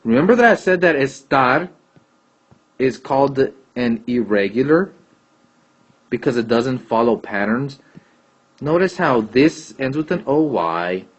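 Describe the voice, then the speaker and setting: Slow-talking husky man teaching Spanish. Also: mid-range voice. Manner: patient, repeats and checks answers aloud. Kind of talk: classroom lesson explaining grammar. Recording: dull lo-fi recording.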